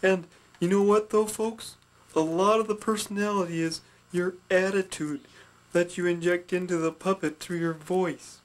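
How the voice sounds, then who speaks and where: A man voicing a gentle little heart puppet with an attitude, soft-spoken and sweet while teaching about puppet characters. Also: high-pitched, steady tone, moderate pace, lightly acted. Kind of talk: puppet instruction skit.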